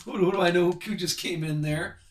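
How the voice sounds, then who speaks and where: A man's voice: sits high, steady tone, roomy sound, recorded from a distance, very noisy. A man hosting a live sports card break, chatting with viewers and reading off the cards as he opens packs. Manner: chatty, reads card names off quickly.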